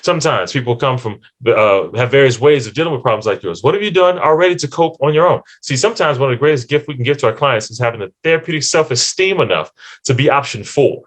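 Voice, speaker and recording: A man's voice: medium pitch, lively intonation, fast. A man giving a conversational lecture to counseling students, acting out short client and therapist exchanges. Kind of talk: lecture with acted client dialogues.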